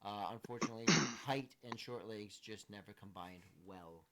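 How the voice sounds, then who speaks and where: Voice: low voice, normal speed, crowd noise. A game master narrating a tabletop game in an easygoing way, with many fillers.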